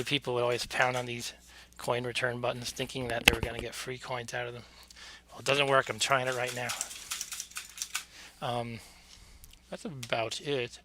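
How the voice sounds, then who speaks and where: A man's voice: medium pitch, heavy background noise. A man hosting a casual live game stream from home, out of breath, chatty and joking with asides. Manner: chatty, self-deprecating, with fillers and quick asides.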